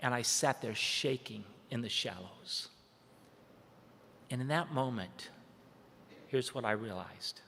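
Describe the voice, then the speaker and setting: A man giving a dramatic personal storytelling speech at a training event. He tells it vividly, swinging between urgent, loud passages and hushed, slow ones. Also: medium pitch, a little hiss or hum. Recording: echoey hall with long reverb.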